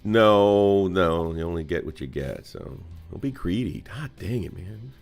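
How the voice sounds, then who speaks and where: A man co-hosting a casual livestream chat about tabletop miniatures, laughing often and swinging between loud whoops and mutters. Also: low voice, animated, a little slow, over music. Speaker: podcast co-host.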